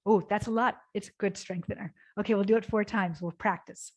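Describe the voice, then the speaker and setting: A woman teaching a gentle yoga class, guiding softly and slowly, then bursting into cheers and laughter exercises. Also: medium pitch, steady tone. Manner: soothing and slow, breaking into loud laughter and cheers.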